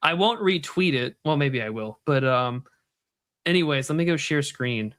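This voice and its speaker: A man's voice: a little high, animated, moderate pace, a bit bright. A man hosting a casual livestream, joking and swearing as he reads viewer messages aloud. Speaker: host.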